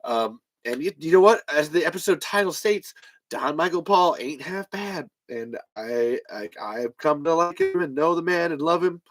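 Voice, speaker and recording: A man hosting a fan podcast, telling stories in a lively, casual way, acting out conversations, laughing and swearing often. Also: on the high side, moderate pace. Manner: animated storytelling, acts out quoted exchanges, laughs often, swears casually. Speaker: podcast host. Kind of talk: casual livestream chat.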